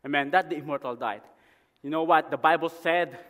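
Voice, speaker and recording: A missionary preacher from the Philippines delivering a sermon, dotting his lines with "amen" and building to loud, emphatic passages. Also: on the high side, a little fast. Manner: repeats "amen" as a call to the congregation. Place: church sanctuary. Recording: long hall reverb.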